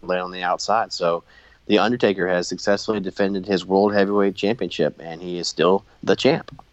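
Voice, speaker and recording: A man with a very low voice talks through an old wrestling broadcast in a laid-back podcast chat. The sound is dry and a little dull and lo-fi, with no room behind him. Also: fairly even intonation, brisk, dry recording. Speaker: podcast co-host. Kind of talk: casual wrestling commentary chat.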